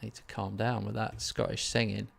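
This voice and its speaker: A man's voice: on the low side, level tone, normal speed, vocal fry. A man hosting a gaming live stream, chatting casually and rambling in a self-mocking way while answering viewers.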